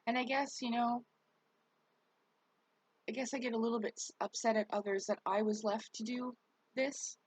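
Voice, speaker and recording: A woman's voice: a little high, fairly even intonation, moderate pace, long pauses, a little mellow, slightly rough, no echo, low-quality recording. A worn-out woman talking candidly to her viewers in a rambling, casual vlog, cursing now and then. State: worn out, recovering. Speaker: vlogger.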